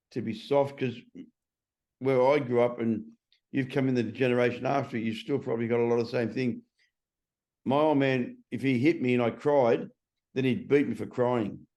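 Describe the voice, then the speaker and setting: A man's voice: mid-range voice, fairly even intonation, moderate pace, long pauses, warm tone. A middle-aged man in a casual interview. He is a transformation coach who talks bluntly and swears freely.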